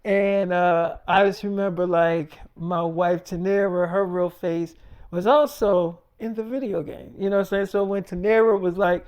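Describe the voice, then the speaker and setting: A man's voice: high voice, steady tone, normal speed, clear, resonant tone, lo-fi sound. Casual male storyteller, rambling, slangy, improvised freestyle.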